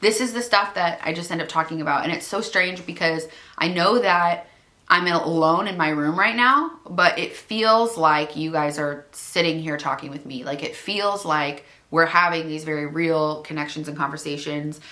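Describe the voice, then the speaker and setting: A woman's voice: low voice, normal speed, sharp tone. A young woman vlogging alone in her room, rambling casually and saying "like" constantly as she gives self-help tips to her viewers. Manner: rambling, heavy use of "like". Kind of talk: chatty self-help vlog. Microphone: camera.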